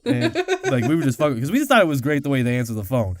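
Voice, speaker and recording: A man co-hosting a podcast in casual chat, rambling, swearing freely and laughing often, acting out quoted people in a louder voice. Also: medium pitch, huge pitch swings, racing. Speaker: podcast co-host.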